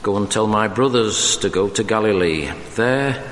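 A man's voice: lowish voice, moderate pace, slight background noise. A man reading the gospel aloud at a church service. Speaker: gospel reader. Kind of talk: liturgical reading. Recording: distant mic in echoey church with ambience.

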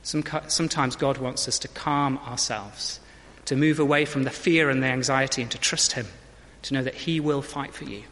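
A man's voice: medium pitch, fairly even intonation, normal speed, few pauses, a bit bright, in a large hall. A man giving a conversational sermon in a church, reading scripture and asking the congregation questions. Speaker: preacher.

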